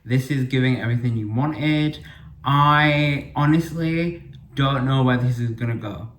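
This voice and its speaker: A young man from the UK rambles through a casual solo podcast, chatty and full of fillers and quick self-corrections. His voice sits at an ordinary middle pitch. The living room around him gives the sound a noticeable echo. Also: a bit bright, slight background noise. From United Kingdom. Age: young adult. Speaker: podcast host. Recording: echoey room.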